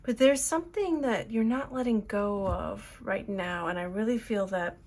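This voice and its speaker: A woman's voice: medium pitch, moderate pace, darkish tone. A woman giving an earnest, emotional tarot reading, rambling with fillers as she talks to her viewers. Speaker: tarot reader.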